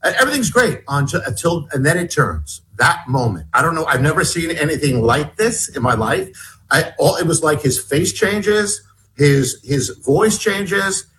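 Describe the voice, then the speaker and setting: Halting, restless male storyteller. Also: a little high, big pitch swings, bright, forceful tone, poor audio. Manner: halting, restarts and repeats words often. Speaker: guest author. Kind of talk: storytelling in a conversational interview.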